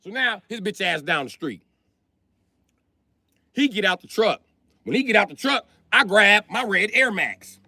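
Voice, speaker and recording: A man streaming live, telling a heated story in a loud, profane rant that breaks into shouting. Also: sits high, expressive, a little slow, long pauses, dry recording. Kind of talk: ranting storytime.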